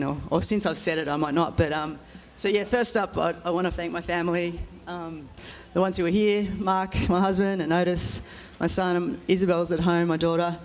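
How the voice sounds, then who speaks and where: A woman giving an emotional, hesitant acceptance speech, full of ums and small laughs. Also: on the low side. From Australia. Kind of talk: informal ceremony speech.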